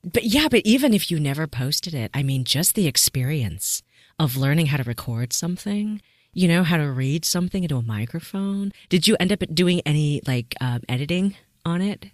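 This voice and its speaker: A woman podcast host with a very low-pitched voice reacts to her guest in an effusive, exclamatory way. She asks relaxed follow-up questions. The recording is dry and close, with no room echo. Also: moderate pace. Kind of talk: casual interview chat.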